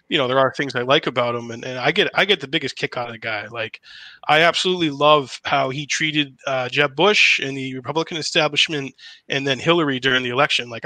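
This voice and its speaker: A man's voice: mid-range voice, bright, forceful tone, dry recording. A man hosting a stream, chatting casually and rambling with frequent stammered restarts. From New Hampshire. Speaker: stream host, impressionist. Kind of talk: casual chat.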